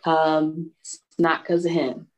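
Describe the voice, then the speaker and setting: A woman's voice: sits low, flat delivery, slow pace, darkish tone. A woman co-hosting a casual movie podcast, blunt and profane, laughing often. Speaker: podcast co-host. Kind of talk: casual movie review chat.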